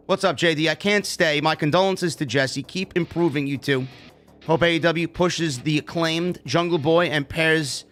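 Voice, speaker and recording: A man hosting a live stream, his voice sitting a bit high for a man. He reads viewer donations aloud and answers them with offhand, swear-laced chatter. Faint guitar music plays underneath. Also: moderate pace, a bit bright. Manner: casual, profane, reads donor messages aloud. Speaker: show host reading super chats. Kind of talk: casual live-stream chat.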